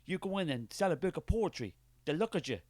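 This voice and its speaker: A man's voice: on the high side, animated, fast talker, a little mellow, no room sound, clean studio sound, close to an everyday voice. An Irish man playing a suspicious, money-minded male skeptic who answers in a scornful, defensive and dismissive way in a comic character sketch.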